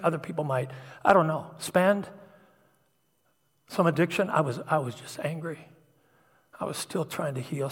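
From the pulpit, a middle-aged male pastor gives a raw, confessional testimony sermon in a slightly husky voice a touch higher than most men's. He drops to near-whispers, then swells louder as emotion takes over, with long reverb from a large church hall.

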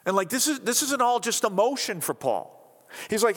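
A man preaching a sermon in a conversational, animated way, acting out what people say. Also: high voice, moderate pace. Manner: animated, conversational, acts out quotes. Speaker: pastor. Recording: reverberant hall.

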